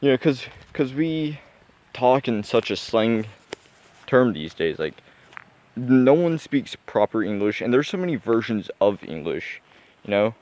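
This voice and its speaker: A man's voice: medium pitch, very animated, unhurried, a little mellow. A young man musing aloud in a casual vlog, rambling with many fillers and restarts. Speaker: vlogger. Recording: dull lo-fi sound.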